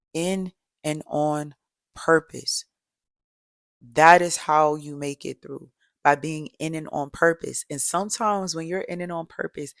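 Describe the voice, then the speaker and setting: Woman, middle-aged, gravelly, animated storytelling, talks to viewers, dry close sound. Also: low voice, no echo. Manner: animated, talks straight to viewers with repeated "y'all". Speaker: motivational coach and yoga teacher. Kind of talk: casual motivational storytelling to camera.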